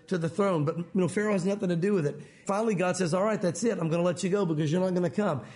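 Preaching a sermon, this pastor from Tennessee sounds relaxed and conversational, his light Southern accent coming through. His notably high voice for a man is a little mellow. He talks quickly and frequently restarts sentences partway through.

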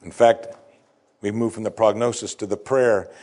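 A man preaching a sermon, reading scripture with rising emphasis and dropping low and soft to reflect on it. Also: steady tone, moderate pace. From United States. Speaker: pastor.

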